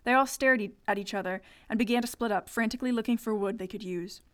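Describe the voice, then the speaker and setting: On a casual podcast, a female co-host reads a childhood story aloud, slipping into mock-dramatic voices and dry asides. Her voice is fairly high and fairly bright, and she talks fast. The podcast audio is lo-fi.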